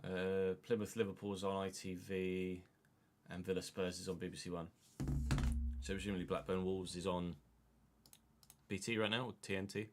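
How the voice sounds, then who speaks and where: A man's voice: deep voice, flat delivery, moderate pace, a little hiss or hum. A man chatting casually on a live stream, muttering asides to himself and to chat.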